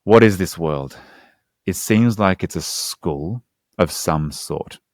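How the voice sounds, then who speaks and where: A man's voice: low voice, animated, slow pace, no echo, clean studio sound. A man speaking as a hypnotherapist guest in a casual podcast conversation, earnest and explanatory with slangy asides.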